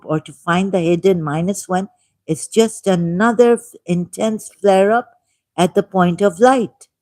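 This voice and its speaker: A man with a Pakistani accent hosting a livestream, reading a text aloud at a deliberate pace with musing asides and repeated key words. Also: sits high, dark tone, dry recording. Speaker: livestream host.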